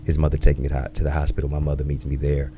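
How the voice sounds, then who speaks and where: Guest author, male, 30s, very low dark voice, measured and quotable, light hum behind. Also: completely flat delivery. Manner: reflective, measured, fond of catchy sayings. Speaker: author and speaker, interview guest. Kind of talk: conversational interview storytelling.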